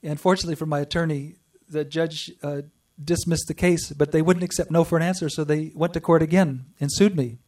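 Heard through a distant mic, a man with a slightly high, mellow voice and fairly even intonation recounts his spiritual experience to a group. His earnest storytelling includes pauses and restarts.

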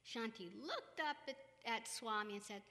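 Woman telling a family story, acts out the voices, kinda high and bright, echoey room. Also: moderate pace. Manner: animated, acts out quoted voices, laughs often. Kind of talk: spiritual storytelling with partner.

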